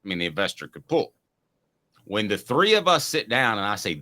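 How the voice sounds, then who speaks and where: A man's voice: fairly low pitch, sing-song, brisk, sharp tone. A man hosting a sports talk show, talking casually and rambling through long explanations with many restarts. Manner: rambling, restarts mid-sentence.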